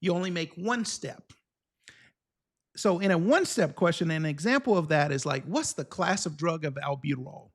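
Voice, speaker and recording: A man with a high-pitched voice teaches a live online exam-prep class. He talks with lively energy and keeps checking in with the viewers. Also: moderate pace.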